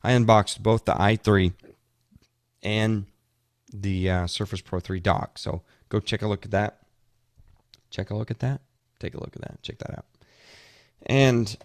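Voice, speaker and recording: Casting: male podcast host, low voice, dry close sound, rambling tech chat, tired. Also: a little mellow, no echo. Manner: rambling, chatty, many restarts. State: tired, yawning. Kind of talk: casual tech talk.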